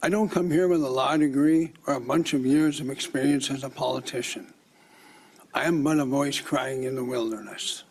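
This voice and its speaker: A man's voice: medium pitch, steady tone, moderate pace, darkish tone, a little hiss or hum. A middle-aged man from Minnesota with a Minnesotan accent, giving formal public testimony in a declamatory, accusing manner.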